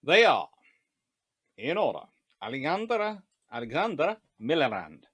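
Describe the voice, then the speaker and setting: A man giving a live-streamed history lecture. He talks in an animated, joking way and often wanders into digressions. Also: on the high side, unhurried, husky, no room sound. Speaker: history lecturer and channel host.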